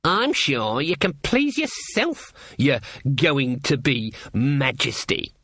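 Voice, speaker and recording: An old witch woman, put on by a male narrator, with a cold, cutting edge. She drawls slowly and sarcastically, her voice swooping high and low in a dry, close recording. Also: wildly swooping pitch, bright, forceful tone, dry recording, exaggerated voice. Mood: icy sarcastic. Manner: icy, slow, sarcastic.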